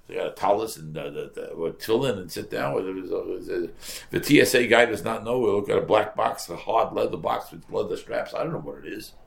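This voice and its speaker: An older rabbi preaching in a storytelling way, his voice low and gravelly. He talks with animation, repeats his words and drops Yiddish and Hebrew terms as he goes. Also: fairly bright tone. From United States. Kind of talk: storytelling sermon.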